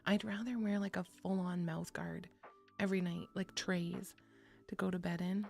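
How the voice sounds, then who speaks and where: A woman's voice: on the low side, fairly even intonation, normal speed, gravelly. A young woman streaming, chatting casually with her viewers, swearing freely, laughing often and reading chat aloud. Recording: faint music behind.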